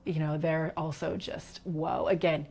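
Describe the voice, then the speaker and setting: A middle-aged woman, a podcast guest, telling a personal story in an animated way, acting out quotes and dropping into whispers. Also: low voice, unhurried, creaky, slightly rough.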